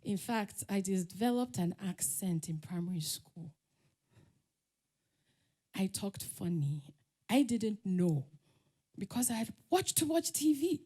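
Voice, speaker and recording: A middle-aged Nigerian woman with a Nigerian English accent, giving a lively storytelling talk as a conference speaker. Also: medium pitch, slow pace, long pauses, breathy edge. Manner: lively, laughs often, acts out quotes.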